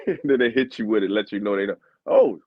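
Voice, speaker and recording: A man's voice: lowish voice, quick pace, no room sound. A man from the United States, an Olympic sprinter turned comedian, telling comic stories, laughing and acting out dialogue. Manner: animated, laughing, acts out dialogue. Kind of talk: comic storytelling. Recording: dull, dry audio.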